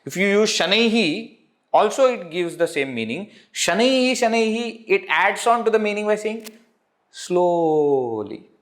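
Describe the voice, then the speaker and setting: A man's voice: high-pitched, animated, measured pace, a bit bright. A man with an Indian English accent teaching a Sanskrit lesson, saying each word, repeating it, then glossing it in English, with frequent chuckles. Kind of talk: live online language lesson.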